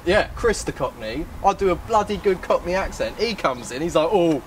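A man's voice: fairly high pitch, animated, fairly quick, a little hiss or hum. A young man bantering casually, cocky, sweary and argumentative.

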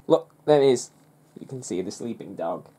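A man's voice: on the low side, animated, normal speed, warm tone, slight background noise. A young man giving casual, jokey commentary while he plays a video game, rambling and mocking himself. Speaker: let's play host.

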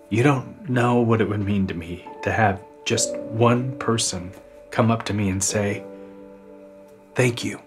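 A devoted priest worn down by parish duties, speaking in earnest and reflective tones. His voice sits at an ordinary middle pitch, and soft music hums underneath. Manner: earnest, reflective, unhurried confession. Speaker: Orthodox priest. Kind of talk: film drama dialogue.

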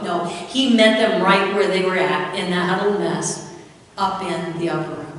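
Woman preaching in an echoey hall. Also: on the high side. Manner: animated storytelling with dramatic drops to a hush. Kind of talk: sermon. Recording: echoey hall, far from the mic.

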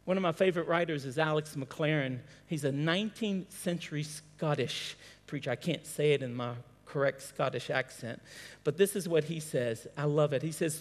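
A man with a high voice delivers a sermon as pastor, stacking rhetorical questions and repeating key phrases. He trips over restarts now and then. The sound carries a long reverb from a large hall. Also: lively intonation, normal speed. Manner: stumbles and restarts on words. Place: church hall.

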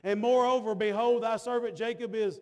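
Preacher, tenor-high voice, folksy church sermon with big swings in volume. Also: male voice, steady tone, a little fast, a little mellow. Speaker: pastor. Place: church sanctuary.

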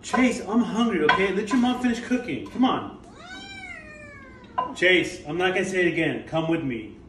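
A man's voice: high-pitched, lively intonation, moderate pace. A man voicing a short-tempered father cat, scolding and impatient. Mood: irritated. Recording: echoey room, distant mic, clear hiss.

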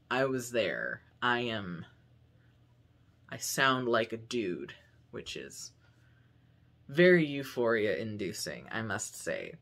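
A young man talks casually to his camera at home in a vlog. His voice sits at a middle pitch for a man. He is chatty and upbeat, rambling along with plenty of fillers. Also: a bit bright. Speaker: vlogger. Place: home room.

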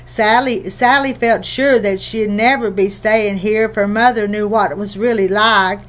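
A woman narrating a children's novel in a gentle, even storytelling manner. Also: mid-range voice, normal speed. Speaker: audiobook reader.

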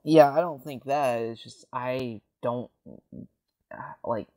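A man's voice: mid-range voice, takes it slowly, mellow. A young man co-hosting a casual podcast, blunt and dryly teasing. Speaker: podcast co-host.

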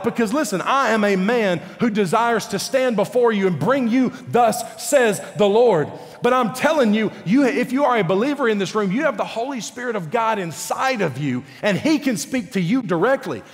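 A pastor preaching to his church in a high, bright-pitched voice, earnest and pleading, then pressing hard on key words. His voice rings out with a long reverb through the church hall. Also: animated, normal speed, hardly any pauses. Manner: earnest, pleading, rises to forceful emphasis. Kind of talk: sermon. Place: church sanctuary.

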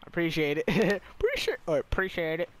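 A young man, the host, chatting casually while gaming, swearing, laughing and yelling sudden high-pitched shouts. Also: wildly swooping pitch, a little fast.

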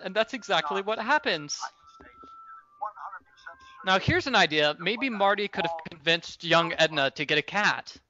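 A man giving casual, joking commentary on a video game, chatty and quick to laugh. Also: high-pitched, animated, sharp tone, muffled recording, a little hiss or hum.

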